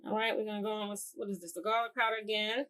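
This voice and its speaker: A woman's voice: mid-range voice, fairly even intonation, very fast, a bit bright, poor audio. A woman hosting a casual cooking tutorial, chatting loosely with her viewers and circling back on herself as she goes. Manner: chatty, talks to viewers as "y'all"; rambling with many fillers and restarts. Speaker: cooking channel host.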